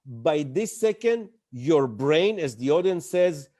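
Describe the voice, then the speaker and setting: A man running a presentation training session, animated and acting out the audience's reactions as he teaches. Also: on the high side, normal speed, hardly any pauses. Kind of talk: live online training talk.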